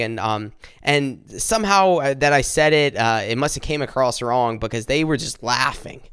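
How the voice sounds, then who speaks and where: A man earnestly telling a personal faith testimony, halting and restarting as he speaks directly to his listeners. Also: medium pitch, a bit bright, clean tone, no room sound, studio quality.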